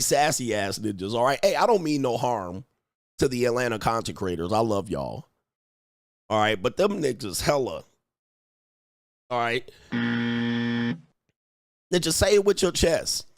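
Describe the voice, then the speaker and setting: A man's voice: medium pitch, no echo, studio quality. Brash, mocking male livestream coach. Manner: brash, mocking, profane, often laughing. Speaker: dating and lifestyle coach, livestream host. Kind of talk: unscripted livestream commentary.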